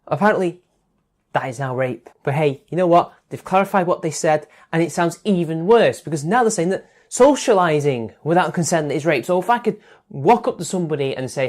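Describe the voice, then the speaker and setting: A man's voice: fairly high pitch, lively intonation, a little fast. A male online commentator from Northern Ireland delivers a ranting opinion vlog. His tone is heavy with sarcasm and mock disbelief as he talks straight to his viewers.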